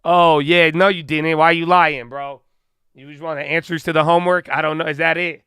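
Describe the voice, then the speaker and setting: A man's voice: fairly high pitch, steady tone, a little fast, clean tone, dry recording, studio quality. A young man hosting a casual live stream, slangy and hyped, a little winded. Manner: hyped, slangy, shouts out viewers. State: winded, out of breath. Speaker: live-stream trading host.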